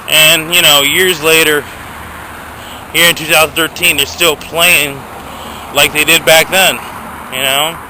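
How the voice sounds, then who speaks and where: A man's voice: a little high, steady tone, measured pace, pauses often, bright, forceful tone, a little hiss or hum, low-quality recording. A young man ranting to his camera outdoors, profane and agitated, filmed on a handheld phone. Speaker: vlogger. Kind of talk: casual rant to camera.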